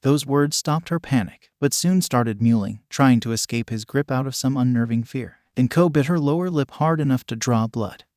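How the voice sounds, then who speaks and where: A man narrating a fan fiction story in a steady, even storytelling manner. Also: medium pitch, normal speed, hardly any pauses, no room sound, studio quality.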